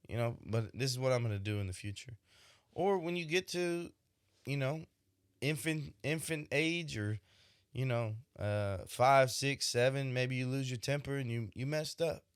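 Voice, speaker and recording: With a medium-pitched, clean voice, a young podcast host who is expecting a child reflects casually, sprinkling his monologue with "right?" asides. There's no room sound, and the audio is studio quality.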